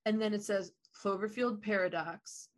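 A woman co-hosting a casual film chat, talkative and quick to laugh, with some swearing. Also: medium pitch, steady tone. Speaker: podcast co-host. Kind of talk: casual chat about films.

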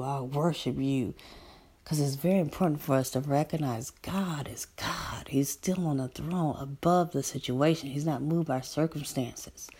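Woman, sermon, low husky voice, dark tone, conversational preaching, whispered asides. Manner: animated, conversational preaching with rhetorical questions.

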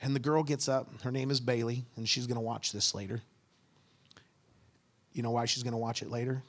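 A man, a pastor, telling a personal story in a relaxed, conversational sermon and acting out the dialogue. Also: mid-range voice, brisk. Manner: animated, acts out dialogue.

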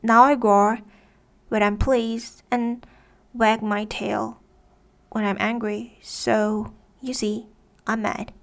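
A woman voicing a grinning, sly talking cat who speaks in riddles, slowly and matter-of-factly. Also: fairly high pitch, level tone, vocal fry. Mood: explaining.

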